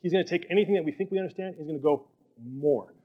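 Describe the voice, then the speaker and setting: A pastor delivers a sermon in a loose, conversational way, with a voice sitting a bit higher than most men's. He keeps it animated and slips into quick voices for what people might say. The recording sounds dull and lo-fi. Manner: animated, conversational, acts out quoted speech.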